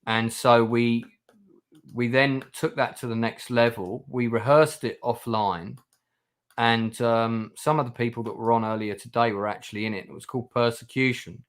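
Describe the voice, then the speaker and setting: A channel host chats casually with guests during a livestream, his medium-pitched voice steady and moderately paced. The conversation rambles with plenty of fillers and restarts.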